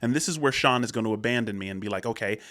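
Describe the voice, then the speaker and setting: A man's voice: medium pitch, very fast, fairly bright tone. An American man hosting a reaction video, talking through his thoughts in a casual, rambling way with restarts and fillers. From United States. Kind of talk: casual commentary on a clip.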